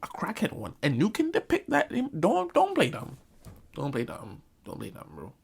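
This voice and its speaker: Young man, storytime vlog, lively swooping pitch, gravelly edge. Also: moderate pace. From Jamaican family, Caribbean community. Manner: animated comic storytelling with acted quotes. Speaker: vlogger.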